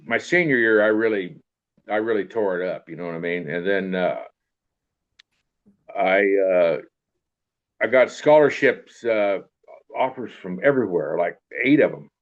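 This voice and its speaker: A man's voice: on the low side, measured pace, long pauses. An older man telling a rambling, folksy story from his past, full of fillers and tags like "you know what I mean". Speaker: interviewee telling life story. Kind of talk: casual storytelling. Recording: dull lo-fi recording.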